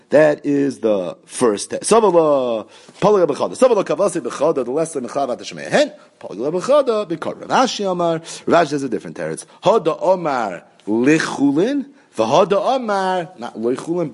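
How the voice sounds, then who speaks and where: A man's voice: mid-range voice, breathy edge. A man with a Yeshivish English accent teaching a Talmud class, chanting the text in a sing-song study style. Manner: animated, sing-song study chant with Yiddish and Hebrew terms.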